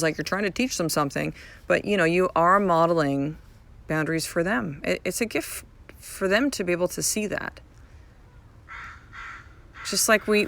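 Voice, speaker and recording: A woman's voice: on the low side, creaky, a bit bright. A woman in her thirties hosting a podcast from home, talking frankly and repeating herself for emphasis, swearing casually. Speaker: podcast host. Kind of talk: casual motivational podcast talk. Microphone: podcast mic.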